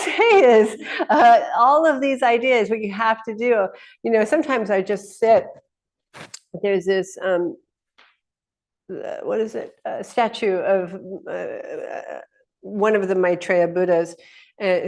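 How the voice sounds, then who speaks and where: A woman's voice: lowish voice, darkish tone. A middle-aged woman talking off the cuff. She rambles through fillers and restarts and often laughs. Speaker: host. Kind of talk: casual spoken talk.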